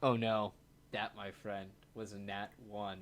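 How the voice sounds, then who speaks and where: A man's voice: on the low side, level tone, measured pace, background noise. Easygoing male tabletop player. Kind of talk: casual game chat.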